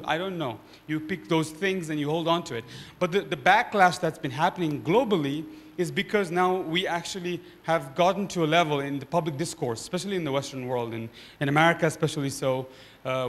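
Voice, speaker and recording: A man speaking on a discussion panel, an animated storyteller who often tags his points with "right?". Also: a little high, long reverb tail. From Nepal.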